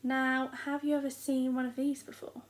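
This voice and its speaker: A young woman with an English accent, a primary school teacher giving a recorded lesson in a slow, clear, encouraging way to small children. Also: high voice, little pitch movement, rough recording.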